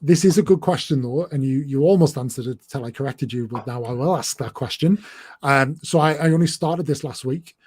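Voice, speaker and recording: A man's voice: mid-range voice, a little fast, a little mellow, husky. A man from northeast England with a northeast English accent, hosting a casual livestream chat and rambling along with lots of fillers and restarts. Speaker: host.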